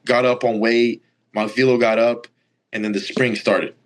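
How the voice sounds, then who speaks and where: Young man, animated storyteller. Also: medium pitch, normal speed. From Brazil. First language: Portuguese. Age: young adult. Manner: animated, acts out quoted lines, filler-heavy. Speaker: college baseball player, guest. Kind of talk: casual storytelling.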